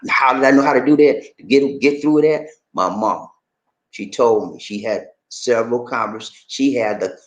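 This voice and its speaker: Emphatic deep-voiced man. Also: reverberant, rough recording. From American South. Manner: preachy, conversational, emphatic. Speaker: commentator. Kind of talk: impassioned personal commentary.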